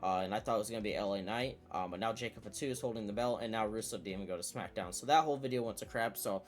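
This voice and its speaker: A man with a lowish voice runs through a casual recap vlog, eager and rambling, often correcting himself mid-sentence. He sounds chatty and excitable. Soft music plays faintly underneath. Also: very fast. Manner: excitable, chatty, many fillers and self-corrections. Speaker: wrestling channel host.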